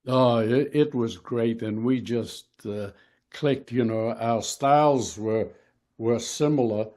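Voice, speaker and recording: Slow, mellow older man reminiscing. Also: medium pitch. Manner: rambling, unhurried, many fillers and restarts. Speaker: interview guest, retired wrestler. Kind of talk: casual storytelling interview.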